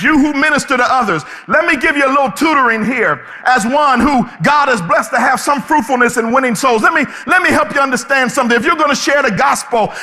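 A male pastor preaching an impassioned sermon, often shouting his points. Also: very high-pitched, big-room sound.

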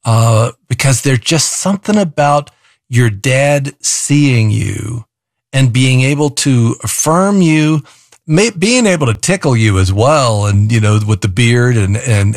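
A man hosting a devotional radio talk, reflective and asking questions of his listeners. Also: medium pitch. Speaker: radio show host. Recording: music bed under voice.

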